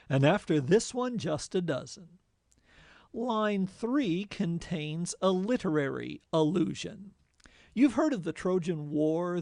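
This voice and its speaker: A man giving a measured lecture on a poem, explaining it with wry asides. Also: high voice, gravelly, darkish tone, dry recording, clean studio sound. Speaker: literature teacher.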